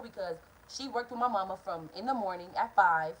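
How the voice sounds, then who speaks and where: A young woman telling a story to her viewers, animated and profane, talking straight to the camera. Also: mid-range voice, fast talker, hardly any pauses, slight background noise, low-quality recording. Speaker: vlogger. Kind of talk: casual storytime vlog.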